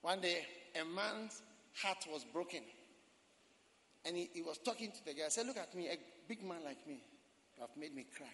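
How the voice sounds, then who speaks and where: A man preaching a sermon as pastor, quoting scripture and breaking into dramatic shouts. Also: fairly high pitch, animated, moderate pace, slight background noise. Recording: long hall reverb.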